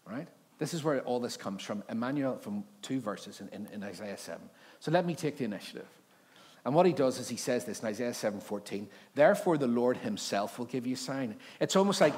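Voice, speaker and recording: Animated pastor preaching. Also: male voice, medium pitch, brisk, a little hiss or hum. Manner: animated storytelling, acts out voices of God and a king. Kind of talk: sermon. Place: church hall.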